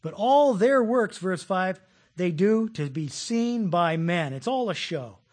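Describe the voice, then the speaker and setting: A middle-aged man preaches in a husky, rather high voice. He talks in a folksy, animated way, slipping in jokes and acted-out voices as he goes. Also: slow pace. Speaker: pastor. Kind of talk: sermon.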